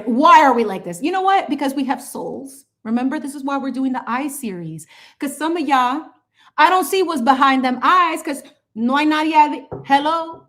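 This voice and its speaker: A woman chatting sassily and playfully while she paints on a livestream, mixing in bits of Spanish. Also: high-pitched. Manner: animated, sassy, playful with lots of asides. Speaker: channel host painting on a livestream.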